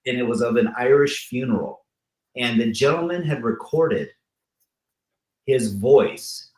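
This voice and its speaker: A man's voice: mid-range voice, a little slow, darkish tone. A man hosting a talk show, chatting playfully and reeling off long lists of words. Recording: roomy echo.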